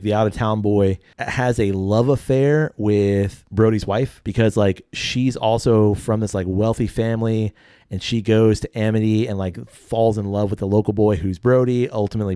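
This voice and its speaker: A man with a fairly low, mellow voice chats casually as a podcast co-host. He rambles in a relaxed way, padding his talk with fillers. The recording is close and dry. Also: clean tone, no echo. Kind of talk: casual chat.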